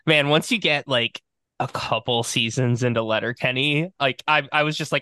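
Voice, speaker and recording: Male co-host, casual and chatty, laughs easily, bright tone, dry sound. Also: mid-range voice, normal speed, clear, resonant tone, dry recording. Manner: laughs often, loose and rambling. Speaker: podcast co-host. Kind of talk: casual chat.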